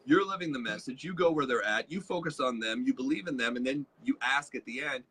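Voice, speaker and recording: A man co-hosting a live leadership show, telling stories with lively quoted voices. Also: mid-range voice, fairly quick, hardly any pauses, breathy edge. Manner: animated storytelling with quoted voices. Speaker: co-host, leadership trainer. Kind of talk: casual live-stream teaching.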